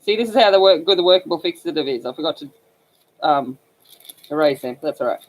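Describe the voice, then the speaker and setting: A woman's voice: sits low, lively intonation, a little fast, low-quality recording. A woman with an Australian accent, hosting a casual livestream and chatting to viewers about slang while she colors. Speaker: livestream host.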